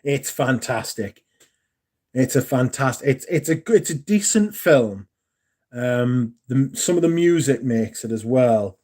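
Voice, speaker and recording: A man's voice: medium pitch, animated, unhurried, a little mellow. A man, chatting casually and rambling on a livestream, answering viewers and swearing now and then. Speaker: livestream host. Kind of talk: casual chat.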